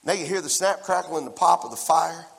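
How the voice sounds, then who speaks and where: A man in his forties preaching a lively sermon and talking straight to the congregation in a church hall. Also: a little high, a little fast, vocal fry, husky. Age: 40s. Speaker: pastor. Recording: long church-hall reverb.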